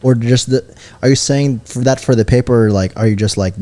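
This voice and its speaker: A man in loose podcast banter, prodding his co-host with one playful dare after another. He keeps the chat light and laughs at his own jokes. His pitch sits in an ordinary middle range. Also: fairly quick, mellow. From Filipino family background. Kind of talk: casual banter.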